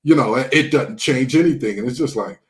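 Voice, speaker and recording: A man's voice: mid-range voice, brisk. A man from Detroit hosting a sports podcast, talking casually with sarcastic, mocking humor.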